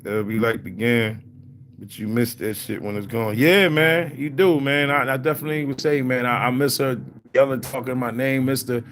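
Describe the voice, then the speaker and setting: A man's voice: mid-range voice, flat delivery, normal speed, fairly bright tone, slight background noise. An older man hosting a casual livestream chat, talking to viewers in a laid-back, rambling way with lots of fillers. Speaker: livestream host.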